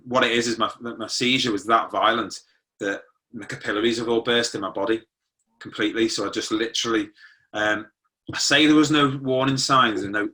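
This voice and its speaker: A man's voice: on the low side, fairly even intonation, moderate pace, pushed and bright. A middle-aged man, a former police sergeant, recounting a personal experience in conversational style, with restarts and quoted dialogue. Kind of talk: personal storytelling.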